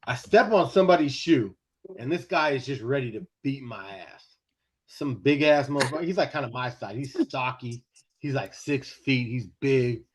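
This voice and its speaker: A man co-hosting a sports podcast, telling a story in casual chat, animated and profane, often laughing as he goes. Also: medium pitch, normal speed, slightly rough. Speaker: podcast co-host.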